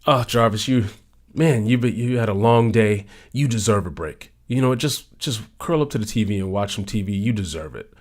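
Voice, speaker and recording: A man's voice: lowish voice, moderate pace, natural voice. A man voicing the nagging little inner voice in his head that coaxes him to quit and rest. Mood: coaxing. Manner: coaxing, whiny excuse-making. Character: nagging inner voice making excuses, male.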